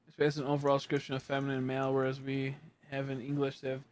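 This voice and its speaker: A man's voice: medium pitch, completely flat delivery, rapid-fire, a little mellow, a little hiss or hum. A young man chatting casually with his livestream viewers, rambling with a stream of "like" and "you know" and chuckling often. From United States. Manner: chuckles often between remarks. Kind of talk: casual chat with live viewers.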